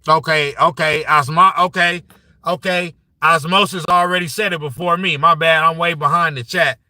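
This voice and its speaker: Male sports-stream host, bright and forceful, heated and profane, close dry mic. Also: a little high, moderate pace, dry recording. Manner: animated, profane, frequent "you know what I'm saying". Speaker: sports show host reading live chat. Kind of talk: casual live-stream sports talk.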